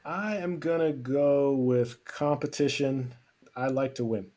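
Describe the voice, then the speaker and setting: A man's voice: medium pitch, slow pace, warm tone. Easygoing man answering with a laugh. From US East Coast. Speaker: guest. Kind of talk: casual interview answers.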